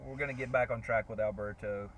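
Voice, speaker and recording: Relaxed man reading out viewer comments. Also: fairly low pitch, fast talker, slight background noise. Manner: relaxed, reads comments out with fillers. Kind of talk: casual livestream chat.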